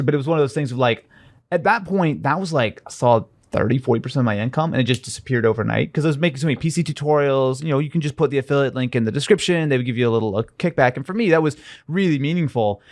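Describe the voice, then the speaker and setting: A man's voice: mid-range voice, no echo, clean studio sound. A young man from Missouri, a guest in a casual interview, talking in a rambling, self-deprecating way with many fillers and restarts.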